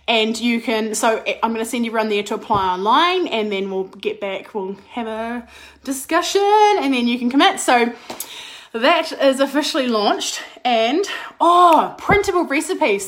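A bubbly, excitable woman, a business coach chatting on a live stream with a slight cold. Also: fairly high pitch, normal speed. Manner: bubbly and excitable, laughs and restarts often. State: slight cold, clearing throat. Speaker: business and mindset coach, podcast host.

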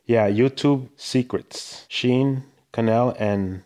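A man's voice: mid-range voice, a little mellow. Laid-back man guesting on a podcast. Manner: laid-back, halting, calls people bro. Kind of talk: casual chat.

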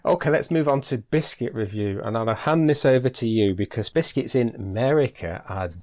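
British male podcast host, chatty, stumbles and repeats words, mid-pitched. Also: normal speed, a little mellow, soft background music. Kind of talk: casual podcast chat.

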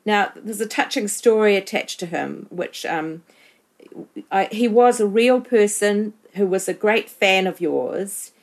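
Female podcast host, medium pitch, warm and appreciative. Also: measured pace. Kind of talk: interview questions.

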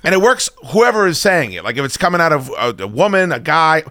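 A man's voice: fairly high pitch, very animated, quick pace, bright, forceful tone, no echo. A man from the United States hosting a podcast, chatting casually in a rambling, profane, opinionated way. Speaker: podcast host. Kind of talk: casual chat.

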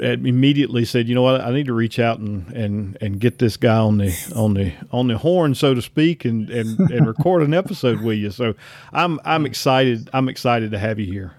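A man's voice: medium pitch, darkish tone, dry recording. A man with a Southern US accent hosting a casual interview, chatty and rambling with many restarts. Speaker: podcast host.

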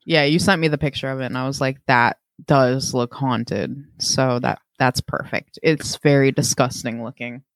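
A man's voice: mid-range voice, steady tone, a little fast, few pauses, dry recording, clean studio sound. A man co-hosting a podcast in casual chat, easygoing and joking, with plenty of fillers. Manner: easygoing, joking, lots of likes and ums. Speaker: podcast co-host.

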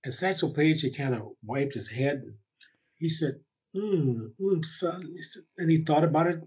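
A man's voice: fairly high pitch, moderate pace, slightly rough, lo-fi sound. Older man telling a chuckling story. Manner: warm anecdotal storytelling with chuckles and quoted voices. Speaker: interview guest. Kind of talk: storytelling in a conversation.

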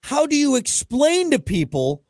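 A man's voice: very high-pitched, huge pitch swings, unhurried, a little mellow, no echo, studio quality. A man co-hosting a podcast, ranting bluntly and jokingly with lots of swearing in casual chat. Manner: blunt, profane, jokey ranting. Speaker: podcast co-host.

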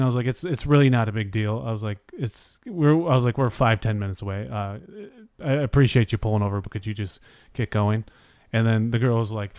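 A man's voice: on the low side, brisk, darkish tone, no echo, studio quality. A man casually telling a rambling night-out story, swearing freely and acting out what people said. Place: Los Angeles area.

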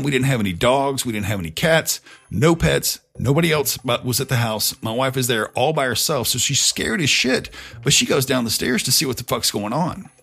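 A man's voice: mid-range voice, creaky, pushed and bright, slightly rough. A middle-aged man hosting a podcast, telling a story in a casual, profane, conversational way. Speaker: podcast host.

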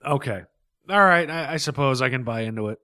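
A man's voice: mid-range voice, brisk, pushed and bright, no room sound, studio quality. A middle-aged man co-hosting a casual comic book podcast, blunt and opinionated, often laughing. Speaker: podcast co-host.

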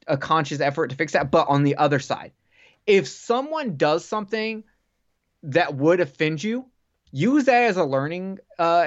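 A man on a podcast telling long casual stories, swearing freely and rambling. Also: on the high side. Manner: rambling, profane, animated storyteller. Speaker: podcast guest. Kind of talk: casual storytelling chat. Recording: dull lo-fi podcast audio.

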